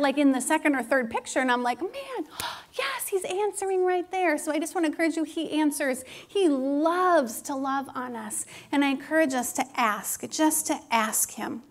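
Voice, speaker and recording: A woman with a high, light voice shares a personal testimony from the pulpit. She sounds earnest and encouraging, and her voice sometimes drops to an intimate hush. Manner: earnest, intimate, encouraging, drops to a hushed whisper when quoting God. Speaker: speaker at a church service.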